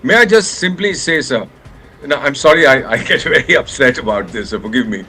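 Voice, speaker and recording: An older man with an Indian accent speaks as an impassioned guest on a live news broadcast. His voice is forceful and sharp, and his anger drives every emphatic line as he slips Hindi phrases into his English. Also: medium pitch, animated, brisk, faint music behind, rough recording. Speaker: former ambassador, studio guest.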